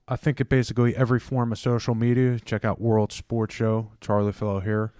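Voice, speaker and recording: Flat, halting male radio co-host. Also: lowish voice, clean tone, no echo, clean studio sound. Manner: halting, many fillers. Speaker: radio sports show co-host. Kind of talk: casual radio talk.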